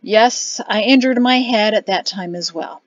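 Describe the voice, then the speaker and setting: A sheepish, grumbling husband who mutters his complaints low, as a woman narrator reads him. His lines come close to the reader's own tone, often dropping to a quiet aside. Muffled, dry audio. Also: a little slow, no echo, natural voice. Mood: strained. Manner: muttering under his breath. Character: embarrassed, grumbling husband and officer.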